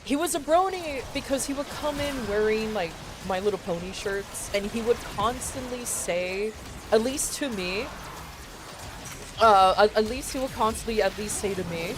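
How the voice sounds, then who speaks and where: A woman's voice: on the high side, music in the background. Profane, chatty woman streamer. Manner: animated and profane, with laughs and quick asides. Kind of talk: casual storytelling on a game stream.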